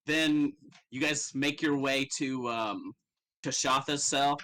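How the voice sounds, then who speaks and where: A man's voice: mid-range voice, fairly even intonation, takes it slowly, sharp tone, low-quality recording. A man narrating a tabletop game as game master in a casual, profane way, laughing often.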